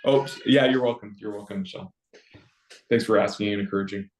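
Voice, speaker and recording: A Canadian man sharing a personal spiritual story in a rambling, halting way over a video call. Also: lowish voice, roomy sound, rough recording. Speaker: circle participant.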